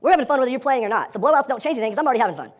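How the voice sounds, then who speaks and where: A man teaching a live dating seminar, energetic and profane, acting out quoted lines as he talks to his audience. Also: extremely high pitch, racing.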